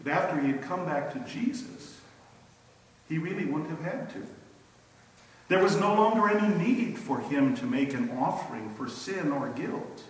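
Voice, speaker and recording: A male preacher giving a sermon with slow, emphatic storytelling and rhetorical questions. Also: a little high, expressive. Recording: echoey hall from a distance.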